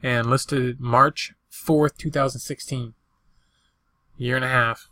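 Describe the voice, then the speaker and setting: At a slow pace and in a steady tone, this older eBay reseller's mid-range voice sounds pushed and bright. In a casual show-and-tell vlog, he rambles in a folksy way through the goods he flipped, naming purchase prices, sale prices, and dates.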